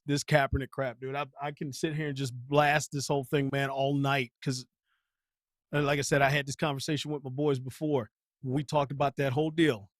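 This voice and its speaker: A man's voice: fairly high pitch, dry recording, clean studio sound. A man hosting a live stream, ranting bluntly about sports with heavy slang and repetition. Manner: heated, blunt, slangy, repeats himself. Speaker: channel host.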